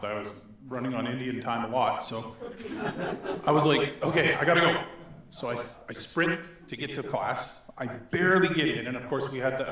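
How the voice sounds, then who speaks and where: A middle-aged man from Northern Alberta telling a story to an audience, animated and laughing as he acts out the voices in it. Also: mid-range voice. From Northern Alberta, Canada. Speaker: speaker. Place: synagogue hall. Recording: echoey hall.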